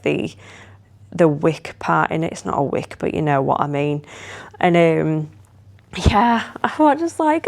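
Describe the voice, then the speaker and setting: Woman, low gravelly voice, rambling chatty vlogger. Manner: chatty, rambling, animated when retelling. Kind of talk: casual vlog chat.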